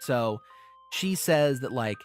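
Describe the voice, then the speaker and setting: A man hosting a podcast, recapping a show in a casual, profane, animated way. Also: medium pitch, slow, faint music behind. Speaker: podcast host.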